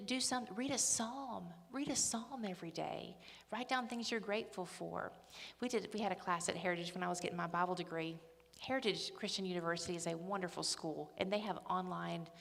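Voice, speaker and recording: At a ladies' day in a church hall, a middle-aged woman gives a chatty, funny and emphatic church talk. Her voice is lowish, creaky and slightly bright, and the echoey hall adds a long reverb.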